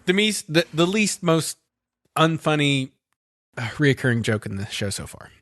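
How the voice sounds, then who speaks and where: A man's voice: a little high, sing-song, moderate pace, fairly bright tone, a little hiss or hum. A man co-hosting a podcast, recapping episodes in a rambling, profane way full of fillers. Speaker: podcast co-host.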